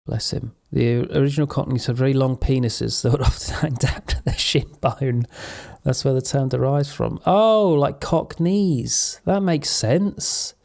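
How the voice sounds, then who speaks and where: Gravelly-voiced man streaming casually. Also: medium pitch, level tone, moderate pace, darkish tone. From Suffolk, England. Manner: rambling, wry. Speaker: live streamer. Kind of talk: casual chat.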